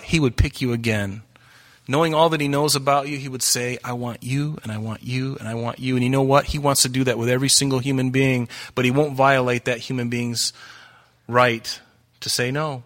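A man's voice: medium pitch, steady tone, normal speed, a bit bright. A man preaching a sermon as pastor, earnest and urgent, asking the congregation many questions.

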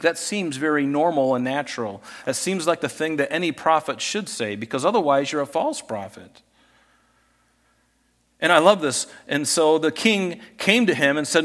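A man delivering a sermon in a church, his voice at a middle pitch carrying a long reverb tail from the hall. He talks conversationally, slipping into lively retellings of scripture scenes as he goes. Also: normal speed. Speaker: preacher.

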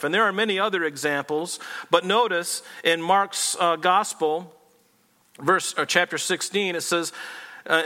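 A male pastor delivers a teaching sermon with a bright, forceful tone and a slightly high pitch. He explains earnestly, often restarting his phrases.

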